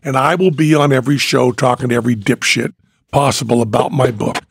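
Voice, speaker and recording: Husky, gravelly older man chatting. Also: mid-range voice, brisk, no echo, clean studio sound. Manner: emphatic, punctuates points with "okay?". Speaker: podcast co-host. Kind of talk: casual chat.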